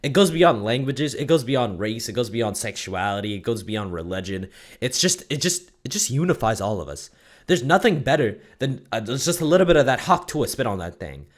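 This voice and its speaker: A young man hosting his own channel, delivering a profane, mock-zealous comedic rant that swings from muttering to shouting. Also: medium pitch, sing-song, fairly quick. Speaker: YouTube commentator.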